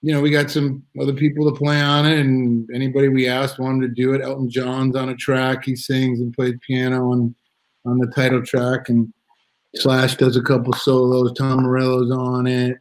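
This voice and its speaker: Through a video-call mic and a low-quality recording, a middle-aged man speaks at normal speed with a medium pitch and completely flat delivery. He is a drummer guest on a casual live video chat, rambling through a story with restarts and acted-out quotes.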